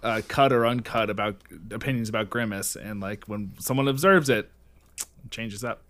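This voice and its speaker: A man's voice: lowish voice, moderate pace, a bit bright. A man co-hosting a casual podcast, laid-back and chuckling as he talks. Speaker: podcast co-host. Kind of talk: casual chat.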